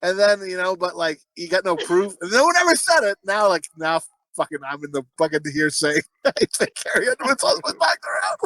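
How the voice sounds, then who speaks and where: A man's voice: sits high, big pitch swings, brisk, hardly any pauses, pushed and bright, no room sound, poor audio. A man co-hosting a podcast, riffing crudely and rambling, full of swearing and sudden put-on voices. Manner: profane, rambling, breaks into voices and giggles. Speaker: podcast co-host.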